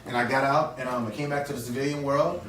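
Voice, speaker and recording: A man's voice: mid-range voice, fairly even intonation, quick pace, a bit bright, slight background noise. Earnest man giving a motivational speech. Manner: earnest, repeats key phrases, call-and-response questions. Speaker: motivational speaker. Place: conference hall. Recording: echoey hall, distant mic, faint ambience.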